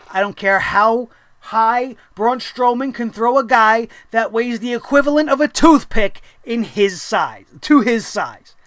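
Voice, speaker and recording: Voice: medium pitch, gravelly, fairly bright tone, no room sound. Blunt, profane wrestling rant host. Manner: sarcastic rhetorical questions. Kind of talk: opinionated wrestling review rant.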